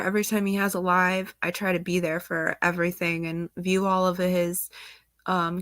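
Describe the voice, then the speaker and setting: Gravelly woman reading news bits, emotional, sighing, close to tears, dry room. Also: on the low side, fairly bright tone, dry recording. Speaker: true crime channel host. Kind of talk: casual commentary reading news reports.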